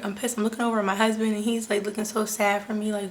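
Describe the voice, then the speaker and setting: A young woman vlogger telling a personal story to her viewers in an animated, chatty way, often saying "like" and "you guys.". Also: mid-range voice, a little fast, slight background noise. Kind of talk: casual storytelling to camera.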